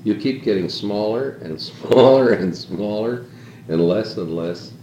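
Deep-voiced guy rambling thoughtfully to a group, keeps saying consider, echoey room w/ a little hiss. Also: expressive, measured pace, dark tone. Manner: reflective, rambling, repeats "consider" for emphasis. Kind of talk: informal talk to a small group.

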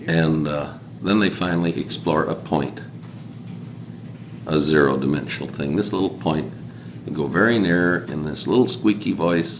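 A man with a very low voice leads an informal group talk, reflective and rambling, building his points through repetition. He is recorded in an echoey room with faint background hiss. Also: moderate pace. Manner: reflective, rambling, repeats "consider" for emphasis.

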